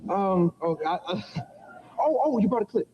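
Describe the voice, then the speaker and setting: A man's voice: high voice, expressive, normal speed, dull audio, background noise. A man hosting a comic mock interview on a talk show, teasing his guest and often breaking into giggles.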